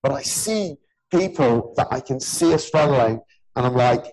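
Poor audio captures a gym owner and personal trainer in his early forties hosting a casual podcast chat. His medium-pitched voice is animated, a little slow and a little mellow. He talks bluntly and earnestly, swears freely, and keeps calling the other man "mate".

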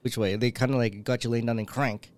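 A man's voice: medium pitch, steady tone, fairly quick, darkish tone. A young man in casual chat, playful and teasing, laughing freely.

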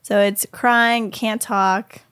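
A woman's voice: on the high side, fairly even intonation, fairly bright tone, clean tone, dry recording, studio quality. A woman in casual chat, earnest and speeding up as she explains. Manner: earnest, rushes when upset.

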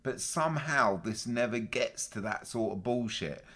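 Sweary, animated man chatting. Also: mid-range voice, a little slow. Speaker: podcast co-host. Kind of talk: casual chat.

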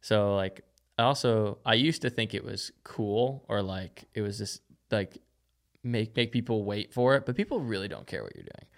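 A man's voice: lowish voice, big pitch swings, normal speed, vocal fry. A young man, a BMX rider, chatting casually as a podcast guest, laid-back and laughing often, with lots of filler "like". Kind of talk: casual interview chat.

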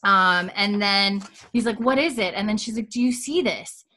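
In a bright, forceful voice of medium pitch, this podcast co-host talks at a normal speed. She retells scenes casually, quoting what the characters said, and keeps things chatty and giggly.

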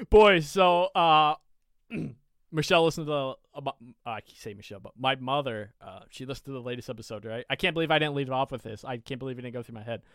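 A man co-hosting a podcast, telling an animated story in casual chat with many quoted asides. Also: medium pitch, fairly quick, no echo, clean studio sound. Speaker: podcast co-host.

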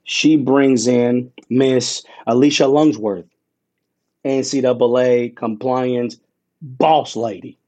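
Mellow-voiced man telling an excited story. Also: mid-range voice. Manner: animated and emotional, with dramatic pauses. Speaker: interview guest, play-by-play broadcaster.

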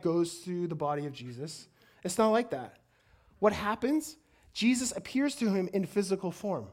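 Woman preacher, sermon, energetic, stumbling restarts, mid-pitched voice. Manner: energetic, stumbles and repeats words.

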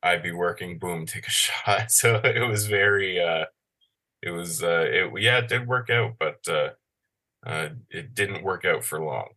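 A man with a very low but bright, forceful voice rambles through a story. He hesitates often and leans on fillers. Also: measured pace. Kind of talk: casual chat.

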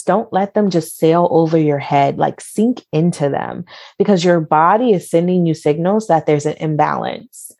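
A woman with a notably low voice gives motivational advice in a podcast interview. She talks emphatically and repeats her key words for effect. The recording is dry and close, with no room sound. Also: a little mellow, no room sound. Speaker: guest.

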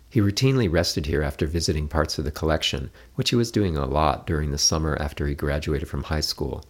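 A man reading a novel aloud in a steady, measured narration. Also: rumbling low. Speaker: audiobook narrator. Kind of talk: scripted narration.

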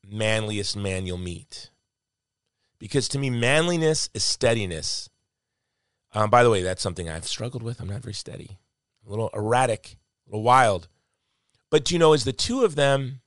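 A man's voice: lowish voice, no room sound, studio quality. A man telling a personal story in conversation, in an earnest, reflective way with heartfelt emphasis. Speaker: guest.

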